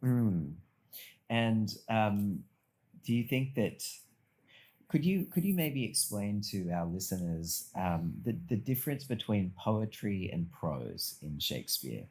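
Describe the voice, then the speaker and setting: A man's voice: low-pitched, lively intonation, slow pace, darkish tone. A man hosting an acting podcast, asking polite, hesitant questions. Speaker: podcast host. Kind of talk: podcast interview.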